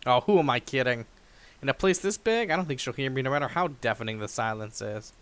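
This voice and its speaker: A young man hosts a let's play, reading the game's story aloud with dramatic flair and chuckling as he goes. His voice is medium in pitch, clear and resonant, and he talks at a quick pace in a lively manner.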